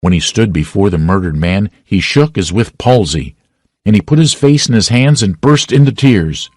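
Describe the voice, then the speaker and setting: A man narrating a classic novel as an audiobook reader, with a dramatic, expressive reading. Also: lowish voice, normal speed. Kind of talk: scripted narration.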